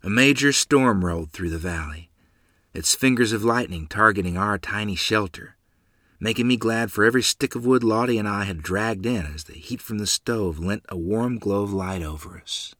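A man tells a first-person memoir in a measured, earnest way. His voice is low, husky and forceful, recorded close and dry. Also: no room sound. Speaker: storyteller.

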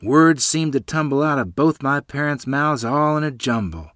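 A man's voice: medium pitch, lively intonation, moderate pace, a bit bright, no echo, clean studio sound. A man reading a rural family memoir aloud as storyteller, voicing the people in it.

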